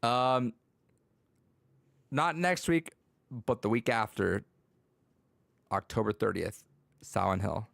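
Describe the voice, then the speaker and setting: Man, podcast host, low creaky voice, rambling, laughs often, dry close recording. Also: animated, slow, pauses often, fairly bright tone, dry recording. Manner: rambling storytelling, laughs often, many fillers. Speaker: podcast host and school teacher. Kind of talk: casual podcast chat.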